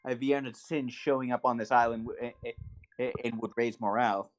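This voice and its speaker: A man's voice: mid-range voice, fairly even intonation, a little fast. A man player in a tabletop game, stammering and searching for words.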